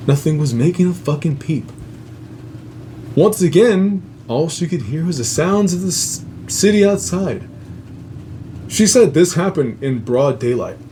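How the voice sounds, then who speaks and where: A man's voice: on the high side, expressive, unhurried, warm tone, slight background noise. A man hosting a show, casually retelling a family ghost story, swearing freely and rambling with many fillers. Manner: profane, rambling, laughs at own jokes. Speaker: host.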